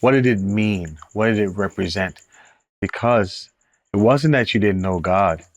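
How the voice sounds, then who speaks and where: A man hosting a faith-based interview, affirming his guest and asking gently probing questions. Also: fairly low pitch, measured pace, no echo.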